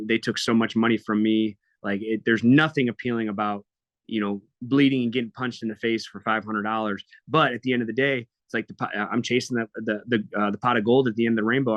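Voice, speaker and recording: A blunt, hot-tempered man in his thirties tells his story with plenty of swearing. His voice is bright and pushed forward, and it sits in a dry, close space. The sound is a little dull, as if the recording is slightly muffled. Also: fairly low pitch, steady tone, fast, no room sound. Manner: blunt, profane, emotional storytelling. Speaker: guest fighter. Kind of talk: candid podcast interview.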